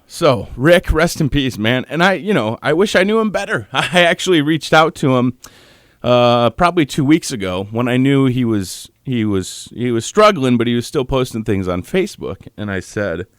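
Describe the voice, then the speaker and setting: A male radio host on his morning show, talking in a halting way and holding back tears, with pauses and restarts. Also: medium pitch, lively intonation, no echo, clean studio sound. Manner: halting, choked up, pausing often. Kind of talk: on-air morning show tribute. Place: radio studio.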